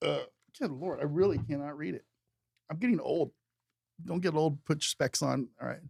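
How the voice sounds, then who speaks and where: A man with a gravelly, slightly raised voice co-hosts a podcast in loose, casual chat. He talks bluntly and jokes around, close to the mic in a dry, dead room. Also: a little high, normal speed, darkish tone, no room sound. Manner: blunt, joking, plain-spoken. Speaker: podcast co-host.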